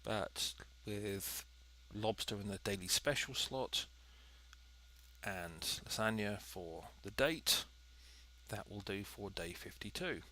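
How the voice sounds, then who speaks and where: A man's voice: on the low side, animated, slow pace, pushed and bright. A man giving chatty, dry, methodical commentary while playing a cooking game. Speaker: let's play host. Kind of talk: gameplay commentary.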